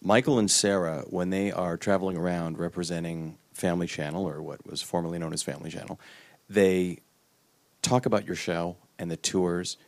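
Man in the audience, very deep voice, effusive and complimentary, dry sound. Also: steady tone, moderate pace, no echo. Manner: effusive, gushing with praise before his question. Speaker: audience member asking a question. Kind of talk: live audience Q&A.

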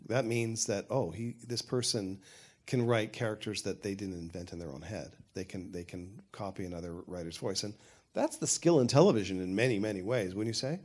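Low-voiced older showrunner, rambling. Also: male voice, fairly quick, darkish tone, slightly rough. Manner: rambling, self-correcting, frank. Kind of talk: panel Q&A talk.

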